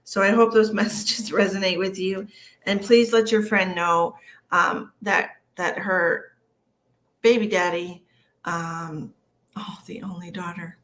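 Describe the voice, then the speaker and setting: A woman's voice: fairly low pitch, steady tone, takes it slowly. A woman, a psychic medium chatting through a casual live-stream reading from her home. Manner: chatty, relays messages in a soft conversational way.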